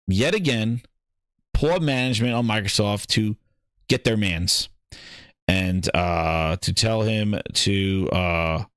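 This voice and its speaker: A man's voice: on the low side, no room sound. Casting: male podcast host, heated gaming rant, dry close sound. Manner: ranting, animated, repeats himself. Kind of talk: casual gaming commentary.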